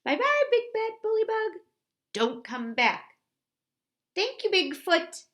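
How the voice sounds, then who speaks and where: A woman's voice: very high voice, very animated, slow, a bit bright, exaggerated voice. A woman voicing tiny, brave baby bugs from a storybook who scold a bully in a sing-song way. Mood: sassy.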